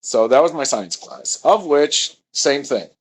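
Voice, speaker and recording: A man's voice: mid-range voice, animated, a little slow, breathy edge, rough recording. A man telling a meandering personal story, often correcting himself mid-sentence.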